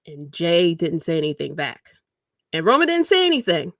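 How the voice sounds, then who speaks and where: A woman hosting a casual livestream, talking in a rambling, animated way and chuckling mid-sentence. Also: on the low side, moderate pace, no room sound, studio quality. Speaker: podcast host.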